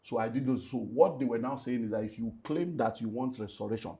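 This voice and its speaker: A middle-aged man with a Nigerian accent talks through a painful personal story in an interview. His voice sits at an ordinary pitch. He is earnest and animated and slides into Pidgin phrases. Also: a little fast. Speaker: pastor and relationship speaker.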